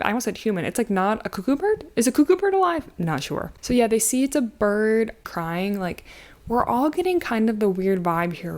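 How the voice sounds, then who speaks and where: A woman in her thirties giving a casual, animated movie recap, sarcastic and full of slang. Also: medium pitch. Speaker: YouTube commentator.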